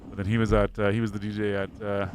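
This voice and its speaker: A man's voice: on the low side, completely flat delivery, quick pace, a little hiss or hum. A young man, co-hosting a podcast in casual chat, rambling and swearing with lots of fillers. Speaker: podcast co-host. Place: home studio.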